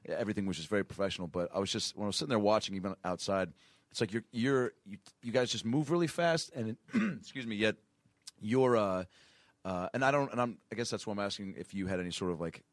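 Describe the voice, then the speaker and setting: A man's voice: lowish voice, quick pace, no room sound. A man co-hosting a casual podcast, eager and rambling with jokes. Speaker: podcast co-host.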